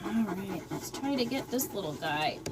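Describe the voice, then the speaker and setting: A woman hosting a casual home live stream, murmuring softly and soothingly to a dog in labor. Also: mid-range voice, animated, moderate pace, over loud music. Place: indoors at home, tiled floor. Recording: loud background noise.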